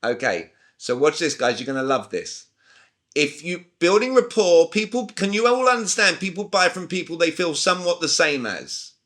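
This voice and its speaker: A man's voice: on the high side, big pitch swings, moderate pace, fairly bright tone. A man in his forties with a British accent, coaching a group over a video call with emphatic questions. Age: 40s. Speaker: communication coach. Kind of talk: live online sales training.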